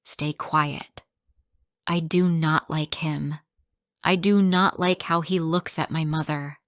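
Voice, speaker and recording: Speaking very slowly and carefully in a low voice, a woman tells a first-person story for English learners. Her sentences are short and clear, and her tone stays steady. The recording is close and dry, with no echo or room sound.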